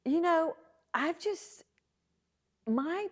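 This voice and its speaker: Animated woman telling stories. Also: very high-pitched, extremely slow. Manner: animated storyteller, acting out quoted dialogue. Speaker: podcast guest. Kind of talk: storytelling in a casual interview.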